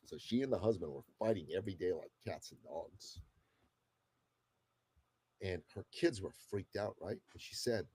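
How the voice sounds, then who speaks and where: A man in his fifties from the Middle East, a guest telling a story in a casual, expressive way and swearing freely. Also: sits low, normal speed, pauses often, slightly rough. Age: 50s. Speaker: guest entrepreneur. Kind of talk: animated storytelling in conversation.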